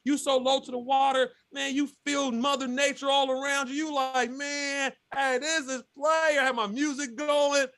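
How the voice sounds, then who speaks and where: A guest angler telling a fishing tournament story in casual, animated fashion, acting out what others said. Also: male voice, extremely high pitch, moderate pace, few pauses. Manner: lively, acts out quotes of others.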